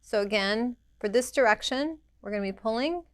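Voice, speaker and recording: A woman's voice: on the high side, animated, moderate pace, dry recording, studio quality. A woman teaching a hands-on permanent makeup lesson, practical and direct, imitating the machine's rhythm with little sounds. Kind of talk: hands-on demonstration.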